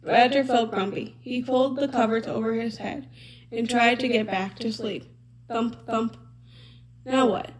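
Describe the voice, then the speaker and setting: Woman, soft-spoken ASMR storybook reading, gentle and even, fairly high voice. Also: normal speed, low-quality recording.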